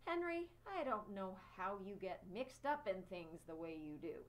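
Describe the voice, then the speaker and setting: A woman voicing a patient, sighing mother in a storybook reading, gentle and weary. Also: medium pitch, lively intonation, a little slow, close to an everyday voice.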